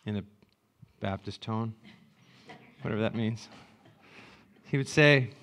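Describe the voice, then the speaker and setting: A man in his sixties, a pastor preaching a sermon with animated, joking storytelling that swings from loud asides to hushed reflection. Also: fairly low pitch, slow pace, pauses often.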